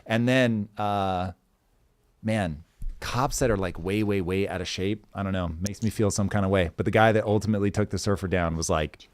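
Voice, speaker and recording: A middle-aged man hosting a live podcast stream, chatting casually and hyping up the chat with shout-outs. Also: lowish voice, normal speed, clear, resonant tone, no room sound. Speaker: podcast host.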